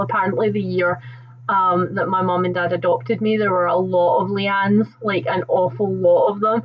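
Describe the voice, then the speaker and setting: A woman's voice: on the low side, highs cut off. A young woman hosting a casual live chat, telling stories in a rambling, chatty way and laughing often. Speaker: livestream host.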